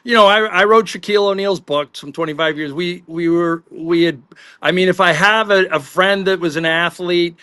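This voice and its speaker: High, bright-voiced storytelling man. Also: normal speed, clean tone, dry recording. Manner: animated anecdotal storytelling. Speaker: panelist, sports writer. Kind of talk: casual podcast chat.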